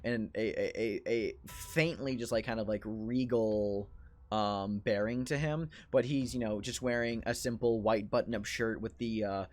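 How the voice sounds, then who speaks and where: Low-voiced male game master, halting horror narration with many fillers. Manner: halting, full of fillers and restarts.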